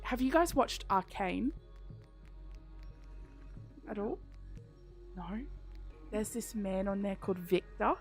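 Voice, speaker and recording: A woman streamer chatting casually while playing a game, rambling and giggling. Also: medium pitch. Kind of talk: casual chat while gaming.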